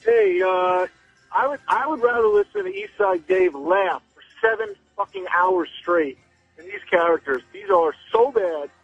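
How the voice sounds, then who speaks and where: A scornful man phoning in to a radio show, blunt and swearing. His voice jumps high and wide, husky and gravelly, squeezed through a thin, dry phone line. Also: huge pitch swings, a little slow, soft background music. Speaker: caller. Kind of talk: phoned-in rant.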